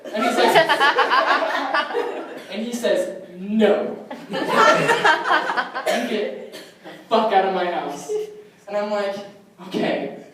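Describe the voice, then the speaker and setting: A young man telling a rambling stand-up story on stage, full of ums and likes and laughing at his own jokes. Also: high voice. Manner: rambling, self-amused, lots of ums and likes. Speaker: stand-up comic. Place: comedy club stage. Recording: echoey room recorded from far, noisy. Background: audience laughter.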